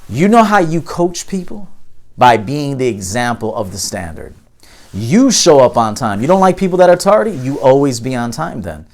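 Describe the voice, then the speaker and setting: A man who works as a dating coach, giving emphatic, preachy advice straight to camera, with loud punches and low, quiet asides. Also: very animated, moderate pace. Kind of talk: direct-to-camera advice monologue.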